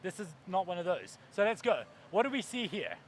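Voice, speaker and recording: A man's voice: high-pitched, big pitch swings, a little fast, slight background noise. A man giving a keynote talk on stage, brash and profane, acting out voices for comic effect. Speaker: keynote speaker.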